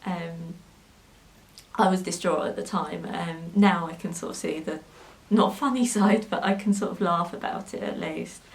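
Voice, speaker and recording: A woman's voice: fairly low pitch, steady tone, moderate pace, gravelly, low-quality recording. A young woman telling a personal story to camera in a sewing vlog, hesitant and full of ums, at times emotional. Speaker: sewing vlogger.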